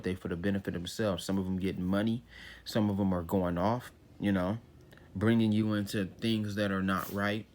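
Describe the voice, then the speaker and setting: A man's voice: on the low side, slight background noise. A man teaching scripture in a loose, conversational way, reading verses and then explaining them in everyday slang, often saying "you know what I'm saying.".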